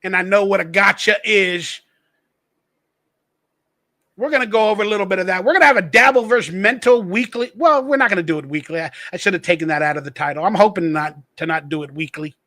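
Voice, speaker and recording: A man's voice: high-pitched, quick pace, few pauses, bright, forceful tone. A man hosting his own podcast, ranting in blunt, profane, mocking commentary. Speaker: podcast host.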